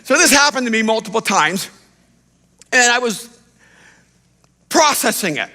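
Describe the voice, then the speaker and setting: A middle-aged man preaching a sermon as pastor, telling a self-deprecating story in an animated way. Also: very high-pitched, measured pace. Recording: long hall reverb.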